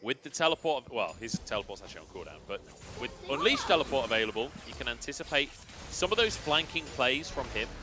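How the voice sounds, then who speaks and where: A man casting a live esports match, giving analysis with lively, laughing banter. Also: medium pitch, quick pace, music in the background. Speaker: esports caster. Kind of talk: live color commentary.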